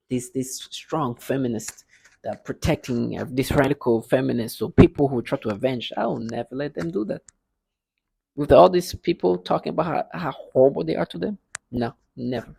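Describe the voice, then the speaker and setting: A man's voice: mid-range voice, creaky, darkish tone, husky, dry recording, low-quality recording. A man talking to his viewers in a casual monologue, insistent, often repeating words and restarting. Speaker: vlogger addressing his viewers. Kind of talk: casual spoken monologue to camera.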